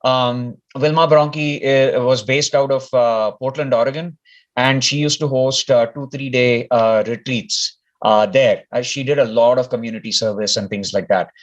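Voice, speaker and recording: A man's voice: mid-range voice, fairly even intonation, normal speed. A man from India telling a personal story in casual talk, rambling and often restarting his words. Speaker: speaker sharing a personal story. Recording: dull lo-fi recording.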